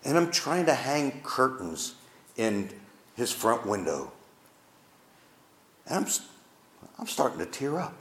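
Older male pastor, heartfelt storyteller, lively rising and falling pitch, roomy echo. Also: slow pace, pauses often. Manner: heartfelt, emphatic, repeats phrases. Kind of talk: storytelling sermon.

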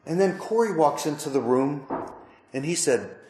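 A middle-aged man preaching a personal testimony, telling his story slowly and with deep emotion. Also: expressive, a little mellow. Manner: slow, emotional storytelling with pauses. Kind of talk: testimony sermon. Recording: roomy echo, faint background noise.

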